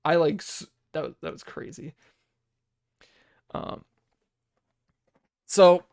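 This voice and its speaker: A man's voice: high voice, slow, vocal fry, pauses often, darkish tone, dry recording, studio quality. A man hosting a live-stream podcast in loose, rambling casual chat. He thinks aloud while looking things up and laughs often. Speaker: livestream podcast host.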